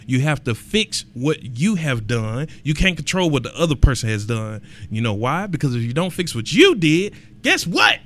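Man hosting a podcast, casual and emphatic, goes big and loud when making a point. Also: a little high. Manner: animated and emphatic, rising to loud exclamations; colloquial, repeats words for emphasis. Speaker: podcast host.

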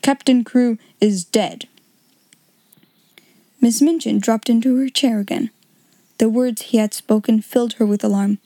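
Lady reading an old novel aloud, warm mellow voice, kinda high, dry close sound. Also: steady tone, normal speed, no room sound. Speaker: audiobook narrator. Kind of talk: scripted narration.

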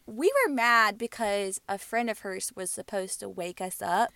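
A young woman from Georgia, co-hosting a podcast and chatting in a quick, excitable way with a lot of laughter. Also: mid-range voice, creaky, smooth, no echo. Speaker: podcast co-host. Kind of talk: casual storytelling chat.

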